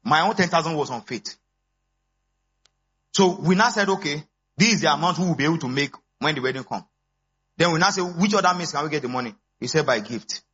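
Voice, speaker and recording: A lively pastor in his thirties preaches fairly quickly in a bright, husky voice. His sermon swings from quiet asides to high exclamations, and the church recording is dull and lo-fi.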